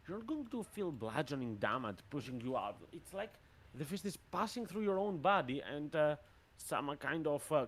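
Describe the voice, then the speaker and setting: A man narrating as game master, pausing often with fillers. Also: on the high side. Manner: hesitant, many fillers.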